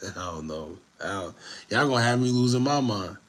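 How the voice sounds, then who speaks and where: A man's voice: on the low side, expressive, normal speed, a bit bright. A young man, reacting to a video for viewers, breathless, laughing and swearing casually. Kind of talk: casual commentary, talking to viewers.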